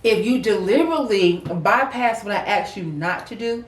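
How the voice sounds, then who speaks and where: A woman's voice: medium pitch, animated, moderate pace, recorded from a distance. Emphatic woman, roomy and off-mic. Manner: emphatic, repeats herself for emphasis. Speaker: co-host. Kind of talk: casual heartfelt chat.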